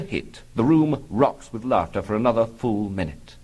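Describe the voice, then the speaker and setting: A man reading his own comic book aloud in a dry, deadpan manner. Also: lowish voice, moderate pace, low-quality recording. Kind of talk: audiobook narration.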